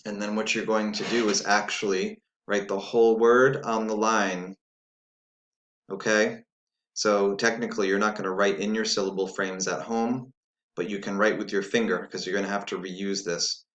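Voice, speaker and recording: A man's voice: lowish voice, little pitch movement, moderate pace, a bit bright. A man teaching a spelling lesson, dictating sounds and words patiently and spelling letters out one by one. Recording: echoey room.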